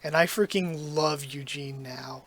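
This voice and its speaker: A man reacting to a manga as he reads it through, excited and gushing, emotional and near tears, tripping over his words. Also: on the high side, unhurried.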